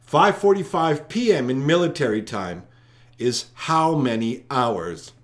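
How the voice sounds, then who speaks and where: Hosting a live-streamed trivia night, a man chats with his viewers and talks to them directly. His mid-range voice is animated and a little slow.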